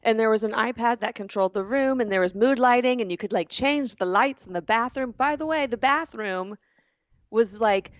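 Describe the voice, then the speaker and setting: A woman with a Southern US accent, co-hosting a podcast and telling a story in an animated way, acting out the voices. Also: fairly high pitch, moderate pace, dry recording, highs cut off. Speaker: podcast co-host. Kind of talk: casual chat.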